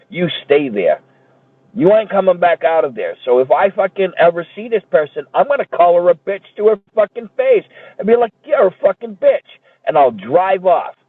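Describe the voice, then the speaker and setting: A man's voice: high voice, no echo. Angry profane man on tinny audio. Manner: heated, profane, repetitive. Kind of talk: angry ranting monologue. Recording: tinny phone-like dry audio.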